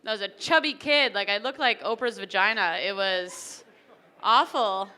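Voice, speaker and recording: A young woman doing an animated, chatty stand-up comedy set at a wedding reception, acting out little characters. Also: mid-range voice, normal speed, smooth.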